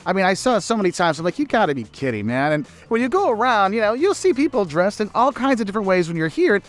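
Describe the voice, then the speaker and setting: Chatty high-voiced American man. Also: big pitch swings, fast talker. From United States. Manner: chatty, repeats words, mimics locals in asides. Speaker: travel vlogger. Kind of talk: casual travel advice to camera. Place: outdoors in a city.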